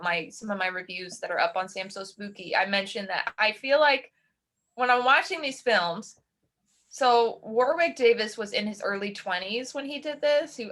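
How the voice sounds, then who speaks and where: A woman co-hosting a casual horror-film chat, talking in a chatty, animated way and laughing often. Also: mid-range voice. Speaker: podcast co-host.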